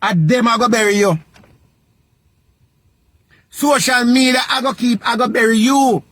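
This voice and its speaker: A man with a Jamaican accent and a notably high voice, lecturing someone in a vlog rant. He hammers points by repeating them in a sing-song, preacher-like cadence. The sound is close and dry. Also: a little slow, a bit bright, no room sound. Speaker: vlogger. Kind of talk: scolding social media rant.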